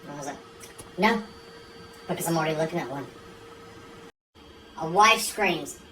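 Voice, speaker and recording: A woman's voice: low voice, normal speed, fairly bright tone, recorded from a distance, low-quality recording. A woman telling a string of one-liners and dirty jokes in a dry, matter-of-fact way. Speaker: joke teller. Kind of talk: deadpan joke telling.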